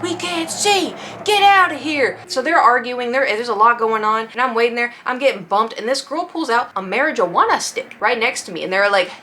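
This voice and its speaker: A woman's voice: on the high side, a little hiss or hum. A young woman chatting casually through a story and acting out what people said. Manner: animated, acts out quotes in shifting voices. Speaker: vlogger.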